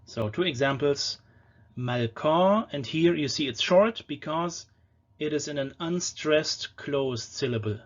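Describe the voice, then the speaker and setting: A man giving a patient lecture on ancient pronunciation, often slowing down to sound out single words. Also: fairly high pitch, dull audio. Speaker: language lecturer.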